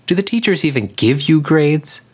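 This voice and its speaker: A man's voice: lively intonation, normal speed, husky. A man voicing a teasing young lioness girl. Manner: raised pitch, bright teasing lilt. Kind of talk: audiobook character voice.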